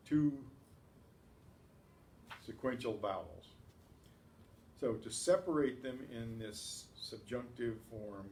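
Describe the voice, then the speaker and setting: A man's voice: fairly low pitch, a little mellow, slight background noise. A man teaching an advanced Spanish class, patiently explaining grammar and reciting verb forms one by one in drills. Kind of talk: classroom lesson. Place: community class room. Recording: roomy echo, faint ambience.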